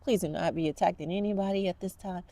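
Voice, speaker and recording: A woman's voice: on the low side, fairly even intonation, fast, mellow, dry recording. A woman guiding a kids yoga class, upbeat and encouraging with playful cues.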